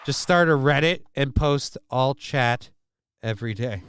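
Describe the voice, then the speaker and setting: A man's voice: medium pitch, measured pace, fairly bright tone, smooth. A man hosting a live stream, reading news and chat comments aloud with crude jokes. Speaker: show host.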